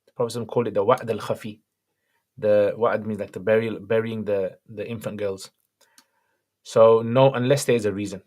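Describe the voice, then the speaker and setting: Man, low voice, casual livestream Q&A host, reads questions aloud, relaxed conversational answers. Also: normal speed.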